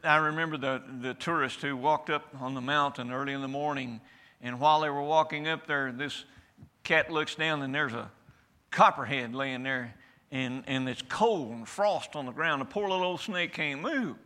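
A man's voice: on the high side, normal speed, pushed and bright. A man preaching a sermon to a church congregation in a folksy, emphatic way, often asking for an amen.

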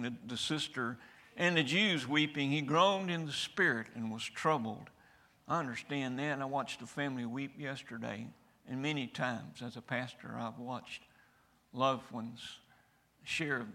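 A male pastor preaching a sermon in an earnest, unhurried way, turning soft and quiet when he reflects. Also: mid-range voice.

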